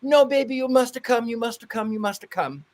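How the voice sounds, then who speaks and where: A woman's voice: a little high, moderate pace, a little mellow, voice pushed up, lightly acted. A man voicing a pushy, doting Italian woman friend who coaxes and insists. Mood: insistent. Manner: insistent, coaxing.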